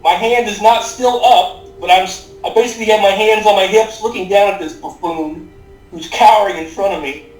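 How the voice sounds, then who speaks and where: A man's voice: high-pitched, moderate pace. A man playing a tabletop game, joking and brash while describing his arrogant lord character. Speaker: player. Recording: roomy, distant mic, faint music.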